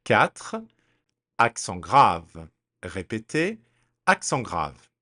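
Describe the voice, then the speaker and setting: A man teaching French pronunciation, speaking deliberately and spelling words out letter by letter in a slow drill. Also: fairly low pitch, big pitch swings, bright, forceful tone.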